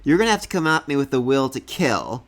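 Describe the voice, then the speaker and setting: A man's voice: mid-range voice, sing-song, fast. A man voicing a serious male martial arts sensei who challenges his student in a matter-of-fact way, read aloud during a comic review. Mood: challenging.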